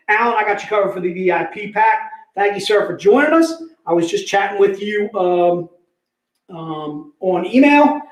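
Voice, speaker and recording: High-voiced man in his fifties hosting. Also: roomy sound, poor audio. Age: 50s. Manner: energetic, jokey salesman patter. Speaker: host. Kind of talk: live sales stream.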